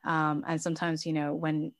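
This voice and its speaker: A woman speaks with earnest reflection in a candid interview, her voice sitting on the lower side and often restarting her phrases. The sound is close and dry. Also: completely flat delivery, moderate pace, no echo. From Chinese heritage. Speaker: interview guest, business founder.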